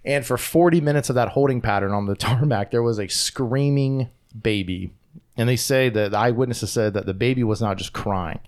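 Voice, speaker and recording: A man's voice: medium pitch, moderate pace, clean tone. Guy hosting a podcast, mid voice, chatty, laughs a lot while telling a story. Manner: retells a news story, laughs often. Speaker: podcast host. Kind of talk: casual podcast chat.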